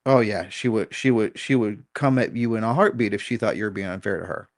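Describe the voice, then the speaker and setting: A man's voice: lowish voice, fairly quick, no echo, studio quality. A middle-aged man, a dog trainer and guest, telling a story in a candid, self-critical way and swearing casually.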